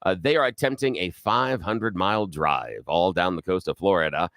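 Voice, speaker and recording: A man co-hosting a talk radio show, telling news stories in an animated, sarcastic way from a studio microphone. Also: low voice, normal speed, no room sound. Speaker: radio co-host.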